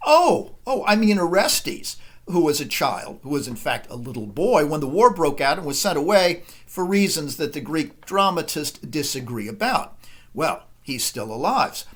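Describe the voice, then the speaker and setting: A man reading the lines of a scheming queen who feigns grief, in a hurried, lowered dramatic reading. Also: animated, fairly bright tone. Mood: coaxing.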